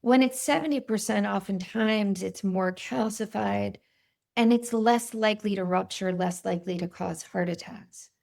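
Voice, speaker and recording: Woman, 50s, cardiologist guest; very gravelly voice, lively storyteller. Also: mid-range voice, normal speed. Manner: animated, vivid storytelling with quoted voices. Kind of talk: storytelling in a podcast interview.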